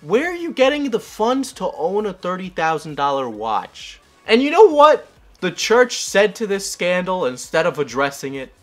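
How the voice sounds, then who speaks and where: A man's voice: high-pitched, wildly swooping pitch, normal speed, fairly bright tone, faint music behind. A man giving rambling, sarcastic comedic commentary, with self-deprecating asides. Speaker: YouTube commentator.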